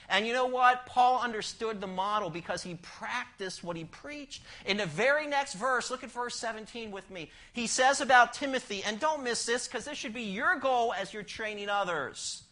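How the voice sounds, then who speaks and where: A male pastor preaching in a high, bright voice. He throws rhetorical questions at the congregation and keeps shifting between hushed and loud lines and between fast and slow pacing. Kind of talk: sermon.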